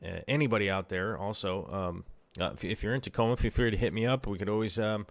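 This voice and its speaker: A man's voice: on the low side, fairly even intonation, quick pace. A man casually hosting a live stream, rambling in a laid-back way with lots of fillers.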